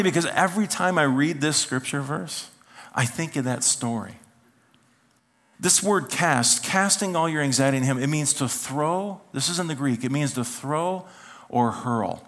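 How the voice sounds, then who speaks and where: A man pastor preaching a sermon in a church, telling a funny personal story and acting out the voices of the people in it. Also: fairly high pitch. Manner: animated storytelling, acts out voices, self-mocking humor.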